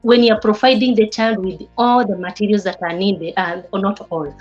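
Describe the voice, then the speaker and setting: A woman lectures a class on child development in a halting way, repeating words and restarting her sentences as she goes. The recording sounds a little dull and lo-fi. Faint music plays underneath. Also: mid-range voice, steady tone, a little mellow. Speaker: teacher of early childhood development.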